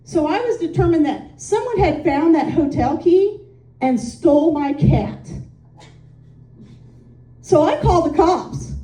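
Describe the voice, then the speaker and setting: A high-voiced woman from Indiana does a stand-up set, rambling through stories in a chatty, self-mocking way. Her tone is dark and mellow. The sound comes from a distance and echoes around the room. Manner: chatty, self-deprecating storytelling with frequent "um"s. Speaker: stand-up comic.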